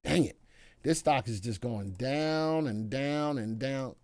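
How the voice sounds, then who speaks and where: A man's voice: medium pitch, takes it slowly, no echo. A man hosting a casual stock market livestream, chatting with viewers and reading their comments between chart talk, playful and talkative.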